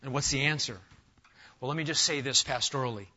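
Forceful, emphatic male preacher, lo-fi. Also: mid-range voice, fairly quick. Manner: animated, emphatic preaching with rhetorical questions and asides to the listeners. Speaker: pastor. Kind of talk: expository sermon to a congregation. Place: church sanctuary with a live congregation.

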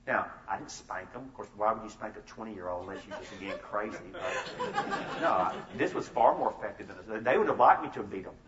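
A man's voice: on the low side, fast talker. A middle-aged man speaking at a family seminar, telling stories about his sons and acting out their conversations with laughter. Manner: animated storyteller, acts out family dialogue with laughs. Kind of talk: storytelling talk to an audience. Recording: roomy, distant, slightly dull sound.

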